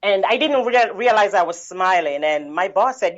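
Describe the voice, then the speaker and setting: A woman from the Caribbean tells her story as an interview guest. She talks in an animated way, with lots of "you know"s and laughter. The recording sounds muffled and lo-fi. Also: medium pitch, moderate pace. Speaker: guest, bookkeeping business owner.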